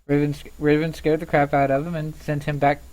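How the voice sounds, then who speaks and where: A man acting as game master, recapping the last session of a tabletop game in a halting way, with lots of pauses and fillers. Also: a little high, level tone, a little mellow. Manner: halting, with many fillers and restarts.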